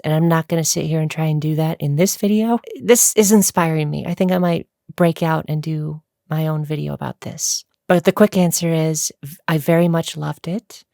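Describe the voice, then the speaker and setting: Chatty woman vlogger, low gravelly tone, dry close sound, rambling Q&A answers. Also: a little mellow, no echo. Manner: chatty, rambling, laughs often. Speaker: YouTuber answering viewer questions. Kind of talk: casual Q&A vlog.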